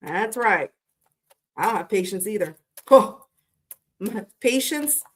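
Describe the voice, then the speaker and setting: A woman's voice: fairly high pitch, fairly bright tone. Blunt, chatty woman tarot streamer. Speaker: tarot reader. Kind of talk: casual live-stream tarot reading.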